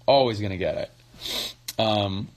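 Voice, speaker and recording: Casual male musician in his forties, slightly low voice, rambling and relaxed, phone livestream. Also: takes it slowly. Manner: loose and chatty, many fillers and restarts. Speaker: musician answering fan questions.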